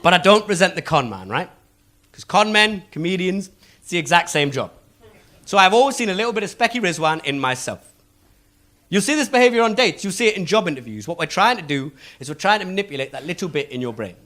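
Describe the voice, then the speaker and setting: A young man doing a stand-up routine, telling stories in an animated, self-mocking way. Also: sits high, fast talker. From Newcastle upon Tyne, England. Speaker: stand-up comedian.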